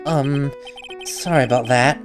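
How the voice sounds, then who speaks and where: A man's voice: medium pitch, unhurried, soft background music, natural voice. A man voicing a timid, clumsy, apologetic man from a courtroom video game, stammering as he reads.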